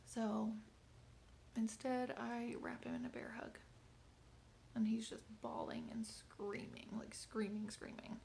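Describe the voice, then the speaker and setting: A woman in her thirties recounting a hard evening with her son in a personal video diary, speaking softly and haltingly, often close to a whisper, and tearful at times. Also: a little high, flat delivery, gravelly. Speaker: mother.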